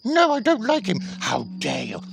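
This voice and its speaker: A squeaky, cheeky little male worm. The voice sits very high and swoops up and down, with a gravelly edge in a comedy sketch. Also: noisy background, heavily acted.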